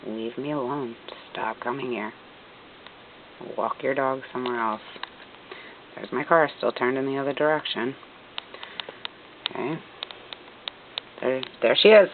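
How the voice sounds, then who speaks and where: A woman's voice: extremely low pitch, measured pace, pauses often, a little hiss or hum. A woman narrating her own recorded video in an agitated, indignant way, repeating herself often. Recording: tinny phone-like audio.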